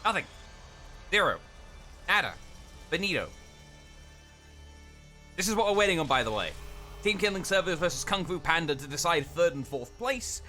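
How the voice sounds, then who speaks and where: High, lively, bright-voiced man. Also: faint music behind. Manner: quick, animated, laughs often. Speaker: caster. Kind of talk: casual stream banter.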